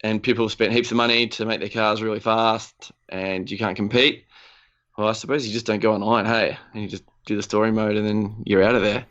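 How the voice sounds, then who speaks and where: A man's voice: fairly low pitch, level tone, fairly quick, fairly bright tone, highs cut off. A man co-hosting a gaming podcast, chatting casually and rambling with lots of "like" and "um". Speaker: podcast co-host. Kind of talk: casual chat.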